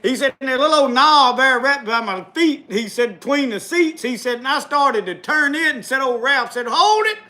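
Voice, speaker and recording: A man spins a folksy tall tale in thick rural dialect. His voice sits very high and rings bright. He keeps breaking into chuckles at his own story. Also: normal speed, few pauses.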